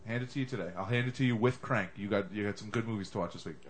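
A man's voice: fairly low pitch, racing, slight background noise. A jokey, rambling man hosting. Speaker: podcast host. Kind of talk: casual chat.

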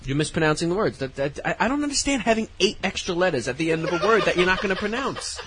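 A man's voice: high-pitched, sing-song, fast talker, fairly bright tone, slight background noise. Teasing man over room ambience. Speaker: podcast co-host. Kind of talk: casual banter.

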